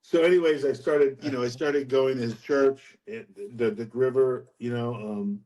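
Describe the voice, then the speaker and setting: A middle-aged man, a podcast guest, telling his faith story in a rambling, animated way and laughing at his own anecdotes. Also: medium pitch, normal speed, low-quality recording. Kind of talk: casual testimony storytelling.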